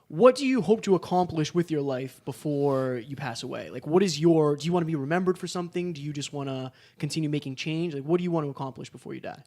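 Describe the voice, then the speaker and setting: Man, podcast host, quick pace, slightly high voice, friendly questions. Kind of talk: casual podcast interview.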